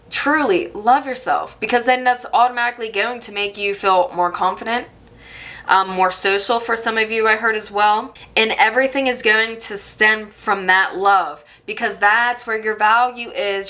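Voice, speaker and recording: Woman, tarot reader, gentle and affirming, bright clear voice, a bit high. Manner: gentle, affirming, with soft laughs. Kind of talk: intuitive tarot reading to viewers.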